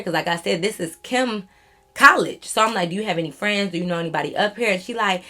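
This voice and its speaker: A young woman YouTube storyteller tells a storytime vlog to her viewers, rambling and chatty, packed with slang, and calling them y'all. Her voice is fairly low and fairly bright, and she talks fast.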